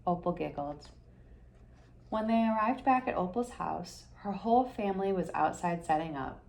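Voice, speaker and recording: A woman reading a children's picture book aloud in an expressive, gentle storytelling manner. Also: on the low side, moderate pace, gravelly. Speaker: storybook reader.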